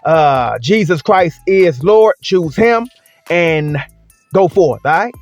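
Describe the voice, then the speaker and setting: High-voiced sarcastic man ranting. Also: animated, slow, dry recording, faint music behind. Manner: sarcastic, rhetorical questions, emphatic repetition. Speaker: commentary vlogger. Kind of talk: opinion commentary rant.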